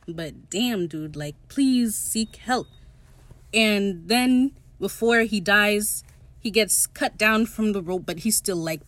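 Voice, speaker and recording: A woman in her late teens recapping a TV episode in casual, gushing chat, swearing freely. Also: mid-range voice. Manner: excitable, gushing, swears freely, laughs often. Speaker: TV show recap host.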